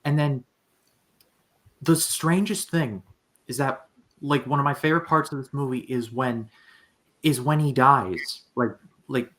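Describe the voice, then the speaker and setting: A man's voice: mid-range voice, pushed and bright, rough recording. A man hosting a casual movie chat, talking loosely with lots of filler words. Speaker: host of a movie review channel.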